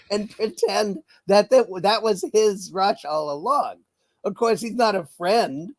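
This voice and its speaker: Slow, wry male political commentator. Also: high-pitched. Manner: wry, laughing, full of fillers. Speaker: guest commentator.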